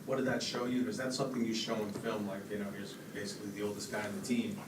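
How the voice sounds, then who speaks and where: A man's voice: lowish voice, little pitch movement, fast talker. A man, a reporter, asking a matter-of-fact question at a press conference. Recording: distant voice in echoey room, noise.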